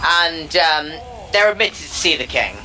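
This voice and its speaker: Deadpan gamer spinning a long shaggy-dog story over voice chat, crisp bright tone. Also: male voice, a little high, a little slow, faint music behind, poor audio. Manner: deadpan, digressive. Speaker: player telling a story. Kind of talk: rambling joke storytelling.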